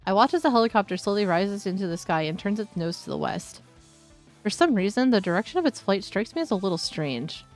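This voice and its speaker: A woman streamer reads a visual novel aloud in a steady, middling-pitched voice. She breaks into candid asides now and then. Faint music sits behind her desk microphone. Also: a little fast. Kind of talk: live-streamed story reading with asides.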